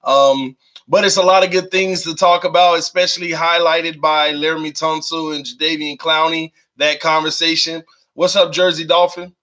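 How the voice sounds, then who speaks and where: Bright-voiced man hosting a live stream. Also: on the high side, moderate pace. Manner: animated, laughs often, reads viewer comments aloud. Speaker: live-stream host reading chat. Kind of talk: casual live-stream chat.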